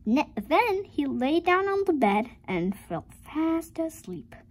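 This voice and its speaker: Slow, lively-voiced woman reading a storybook. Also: high voice. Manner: expressive storytelling, chatty asides to viewers. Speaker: storybook reader. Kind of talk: reading a picture book aloud to viewers.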